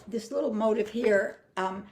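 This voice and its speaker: A woman's voice: mid-range voice, a little slow, darkish tone. An older woman teaching flute phrasing, explaining patiently and singing rhythms and counting beats aloud. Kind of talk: music masterclass.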